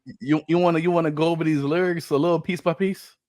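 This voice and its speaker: A man co-hosting a casual chat, animated and laughing often as he talks about rap craft. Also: on the high side, fast, no room sound. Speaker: co-host reacting to a song.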